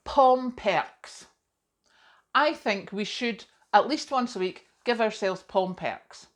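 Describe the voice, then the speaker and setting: A woman's voice: mid-range voice, expressive, slow pace. A middle-aged woman, chatting casually to camera as a vlogger, self-deprecating and full of asides.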